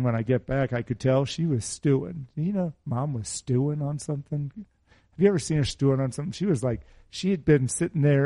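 A middle-aged male preacher with a warm, mellow tone, speaking close to the mic in a dry, dead room. He moves between scripture and a personal story and keeps asking his listeners questions in an easygoing way. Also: medium pitch, dry recording. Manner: conversational, asks the audience questions.

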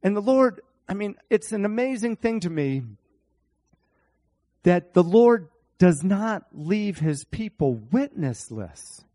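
A man preaching a sermon, animated, speaking to his congregation by name and acting out Bible scenes in different voices. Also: high-pitched, slow.

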